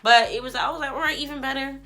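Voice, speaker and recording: A woman's voice: high-pitched, steady tone, quick pace, bright, forceful tone. A woman vlogger and stylist telling a casual storytime rant, blunt and profane, acting out both sides of an argument. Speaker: YouTube host and stylist.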